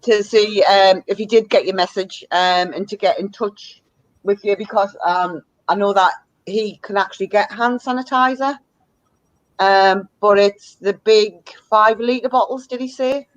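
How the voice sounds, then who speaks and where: A speaker co-hosting a casual live stream, hesitant and filling pauses with um. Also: medium pitch, fairly even intonation, muffled recording. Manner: hesitant, many ums.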